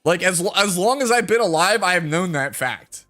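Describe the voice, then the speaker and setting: A man in his thirties streams and talks casually to his chat, his bright voice wandering from one aside to the next and full of filler words. Faint music plays underneath, and he laughs often. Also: sits high, animated, normal speed.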